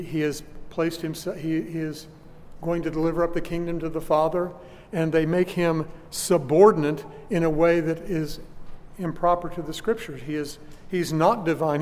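A man preaching a sermon, teaching church history deliberately with frequent restarts, recorded in a church hall. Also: fairly high pitch, darkish tone. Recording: long hall reverb.

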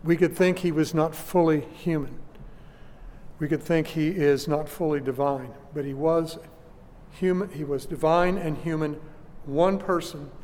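A man preaching a sermon, teaching church history deliberately with frequent restarts, recorded in a church hall. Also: a little high, darkish tone, a little hiss or hum. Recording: long hall reverb.

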